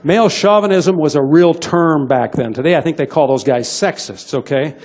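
A man's voice: a little high, normal speed, a little mellow. An older man giving a folksy, emphatic business seminar talk to a live audience, checking in with "okay?" after his points. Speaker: motivational business speaker. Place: event hall with live audience.

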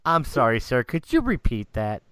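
A boisterous man hosting a crude comedy podcast, swearing freely and laughing loudly. His pitch jumps all over the place. The sound is dry and close. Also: very animated, moderate pace, smooth, no room sound. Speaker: podcast host.

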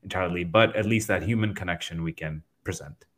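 A man's voice: low voice, quick pace, fairly bright tone. A man hosting a podcast, speaking earnestly and reflectively and often restarting his sentences.

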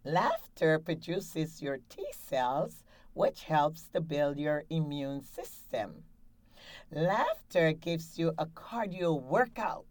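A woman's voice: low voice, expressive, takes it slowly, a little mellow. A woman hosting a laughter exercise show from a studio, guiding breathing and cheering listeners on in an upbeat way. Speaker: laughter yoga coach and show host.

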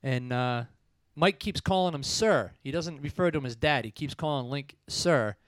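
A man's voice: medium pitch, moderate pace, no room sound. A man hosting a casual movie review chat, retelling the plot in a chatty way and laughing often. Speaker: podcast host.

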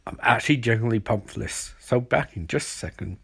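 A man hosting a podcast, retelling a TV episode in a rambling, excitable way. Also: mid-range voice, fast talker, gravelly, slightly rough. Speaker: podcast host. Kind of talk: casual episode recap.

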